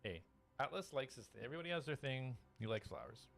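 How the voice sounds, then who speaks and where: A man's voice: mid-range voice, very animated, quick pace, vocal fry, fairly bright tone, faint music behind. A man acting as game master and live-stream host, chatting casually and laughing often as he greets viewers.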